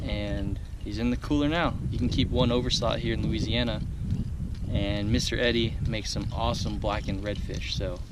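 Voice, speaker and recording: A man's voice: on the low side, fairly even intonation, moderate pace. A man vlogging from a kayak, pleading and cheering while fighting a fish. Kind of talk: excited outdoor vlog commentary. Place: kayak out on open water. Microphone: action camera on a hat. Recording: loud wind and water noise outdoors.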